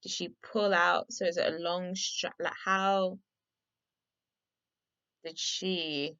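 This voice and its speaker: A woman's voice: lowish voice, little pitch movement, slow pace, bright, forceful tone, clean tone, no room sound, highs cut off. A woman vlogger reacting to a film she is watching for the first time, effusive and gushing, talking with lots of casual fillers. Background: film soundtrack music.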